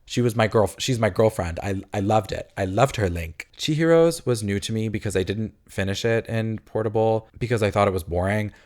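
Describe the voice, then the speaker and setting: A man reviewing a video game in casual, chatty fashion, with a voice that sits on the low side. He is sarcastic and opinionated, and animated in his delivery. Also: brisk, hardly any pauses.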